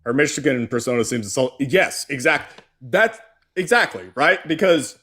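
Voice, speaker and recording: A man's voice: mid-range voice, expressive, measured pace, fairly bright tone, slightly rough. A man hosting a casual political chat, ranting and swearing, and sometimes mocking people in put-on voices. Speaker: host.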